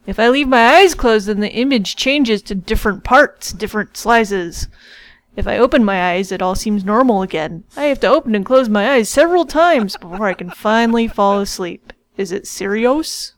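A woman co-hosting a comedy podcast, reading out a listener's question in a measured, deadpan way. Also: medium pitch. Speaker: podcast co-host.

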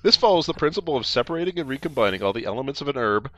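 A man reads sales copy aloud in a casual comedic tone, tripping over names and breaking into laughter. His pitch swings widely as he goes. The sound is dry and close. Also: animated, very fast, bright, forceful tone, no echo. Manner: stumbling, laughing reader. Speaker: podcast co-host reading product copy.

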